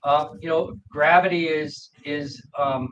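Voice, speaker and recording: A man appearing as a guest, explaining his product in a halting way with many restarts over a remote call. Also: a little high, steady tone. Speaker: guest, gate product maker. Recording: distant dull remote line with noise.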